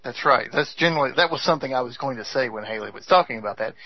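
A man's voice: medium pitch, racing, breathy edge, no room sound, muffled recording. A man co-hosting a political radio talk show, wry and agreeable.

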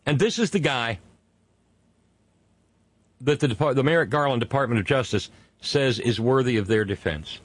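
A man hosting a political commentary monologue, indignant, stretching key words slowly for emphasis. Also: medium pitch, lively intonation, no echo. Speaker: host.

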